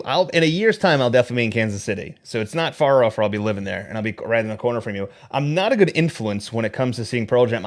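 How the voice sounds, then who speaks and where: Fast-talking joking male host. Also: mid-range voice. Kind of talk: casual interview chat.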